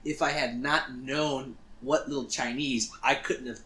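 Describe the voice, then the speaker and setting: With a medium-pitched, unhurried voice in a reverberant space, a man co-hosting a podcast shares a casual story. He's animated, acting out the things he said himself.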